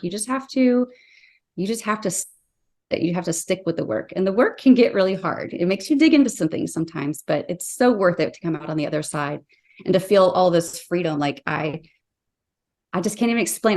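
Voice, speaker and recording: A woman's voice: lowish voice, darkish tone. A woman in her thirties, a life coach guest on a podcast, talking earnestly and casually with many fillers and restarts. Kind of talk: casual interview talk.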